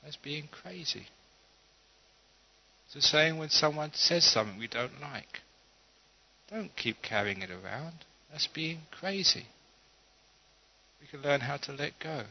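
A man giving a humorous Buddhist talk, telling stories in a relaxed, unhurried way with pauses and chuckles. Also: mid-range voice, vocal fry. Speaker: Buddhist teacher. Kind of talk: humorous dharma talk with storytelling. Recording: dull lo-fi talk recording.

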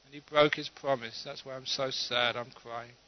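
A man's voice: medium pitch, fairly even intonation, moderate pace, slight background noise, lightly acted. Man doing a pleading young mourner, sly under the tears, told aloud in a sermon, dull recording. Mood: plaintive. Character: young man grieving, sly hired actor.

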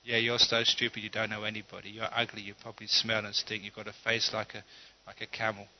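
A taunting village bully who sneers insult after insult in a slightly low voice, as a storyteller puts him on. The recording is a little dull and lo-fi. It is told in a spoken parable. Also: male voice, monotone, fast. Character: loud abusive man in a village market.

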